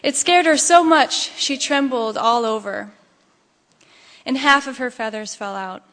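Bright-voiced woman preaching in a ringing hall. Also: high-pitched, a little slow. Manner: expressive, animated storytelling. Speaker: pastor. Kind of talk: sermon with storytelling. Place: church sanctuary.

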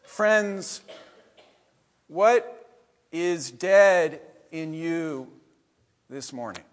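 Male pastor, high voice, slow deliberate sermon delivery, big church reverb. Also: lively intonation. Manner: measured preaching, trailing off softly at phrase ends. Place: church sanctuary.

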